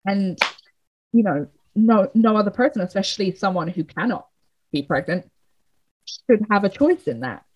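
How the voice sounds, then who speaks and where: A woman's voice: medium pitch, lively intonation, normal speed, darkish tone, husky. A young woman in a casual film chat, talking freely with many fillers and the odd swear word. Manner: chatty, frequent fillers and swearing.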